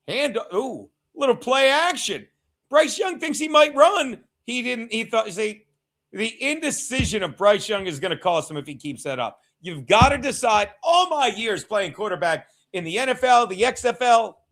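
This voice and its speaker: A man hosts a casual watchalong stream and reacts to the game as it happens. His voice sits high for a man. He talks excitably, swears freely and keeps throwing asides to his chat. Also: poor audio. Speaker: livestream host. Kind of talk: casual sports watchalong commentary.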